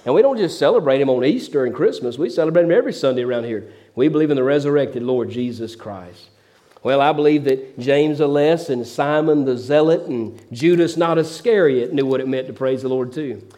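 A middle-aged male pastor preaching a sermon, telling stories in a folksy, animated preachy manner and repeating words as he builds. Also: mid-range voice, a little fast. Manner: preachy storytelling, repeats words when excited.

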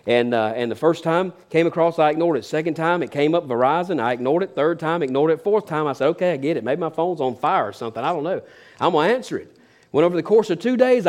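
A man preaching a sermon, acting out quotes and swinging from loud declarations to hushed asides, with folksy storytelling. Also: fairly high pitch.

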